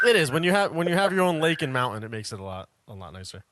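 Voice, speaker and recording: A man's voice: mid-range voice, heavy background noise. A man co-hosting a podcast in casual chat, joking and friendly with a caller. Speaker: podcast co-host.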